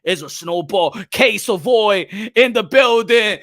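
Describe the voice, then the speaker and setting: A loud, hyped man hosts a boxing live stream in a very high, bright voice. He shouts out viewers, curses freely and drops in the odd Spanish phrase. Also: lively intonation, unhurried, hardly any pauses. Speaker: boxing channel host.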